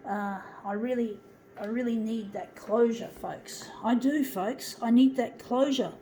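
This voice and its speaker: A woman's voice: a little high, unhurried, dark tone, slight background noise, low-quality recording. A woman ranting angrily to her viewers as a vlogger, swearing heavily and calling them folks. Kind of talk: angry personal rant to viewers.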